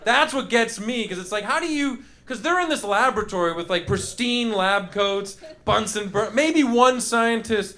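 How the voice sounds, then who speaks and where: A man's voice: sits high, normal speed, few pauses, pushed and bright. A man doing live stand-up in a comedy club, rambling and riffing with the crowd, acting out little voices in his bits. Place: comedy club stage before a laughing crowd.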